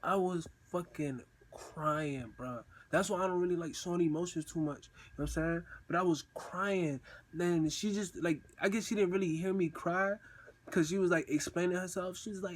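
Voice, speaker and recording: A man's voice: high voice, normal speed. A young man telling a casual storytime about a breakup, full of slang and repeating himself, and acting out crying in bursts. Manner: slangy, repeats himself, says "bro" a lot. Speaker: vlogger.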